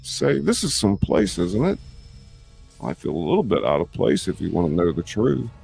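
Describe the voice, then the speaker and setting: A man's voice: sits low, wildly swooping pitch, moderate pace, vocal fry, dark tone, breathy edge, faint music behind, exaggerated voice. A man voicing a rumpled, self-deprecating police detective who talks in a folksy, apologetic way. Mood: sheepish.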